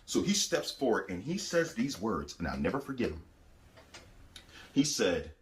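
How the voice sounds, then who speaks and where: A man's voice: fairly low pitch, very animated, moderate pace, pauses often, slight background noise. A man giving a spoken religious testimony, telling his story emphatically and repeating phrases as he acts out the voices he quotes. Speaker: Christian testifier.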